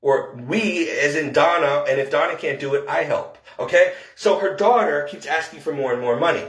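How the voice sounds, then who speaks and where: A man venting about caring for an elderly woman, rambling in frustration, with quick rushes and slow, heavy emphasis. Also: on the high side, fairly bright tone, roomy sound. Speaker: caregiver telling his story. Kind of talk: emotional personal vlog rant.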